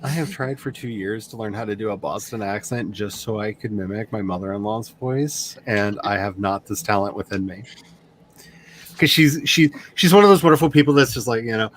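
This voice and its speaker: A man at a middle pitch chatting on his own livestream, spinning stories and tripping over restarts. A faint hum of room noise sits under his voice. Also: fairly quick. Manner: chatty storyteller, stammers on restarts. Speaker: streamer, author. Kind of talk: casual chat on a livestream.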